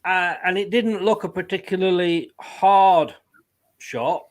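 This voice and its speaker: High-voiced jokey man, laughing. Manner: jokey, laughs between lines, halting restarts. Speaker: co-host. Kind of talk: casual football watchalong chat.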